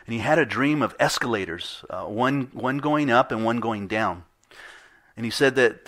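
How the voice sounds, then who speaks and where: A man's voice: medium pitch, a bit bright. A middle-aged man preaching a sermon in a conversational way, acting out the voices he quotes. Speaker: pastor.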